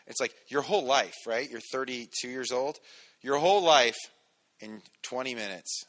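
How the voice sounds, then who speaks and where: A man's voice: medium pitch, moderate pace, fairly bright tone. A man preaching a sermon as pastor, teaching through a scripture passage in a casual way with joking asides and frequent restarts. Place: church sanctuary.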